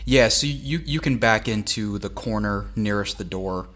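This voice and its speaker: A man narrating a tabletop game as game master, relaxed and descriptive with frequent fillers. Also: lowish voice, normal speed.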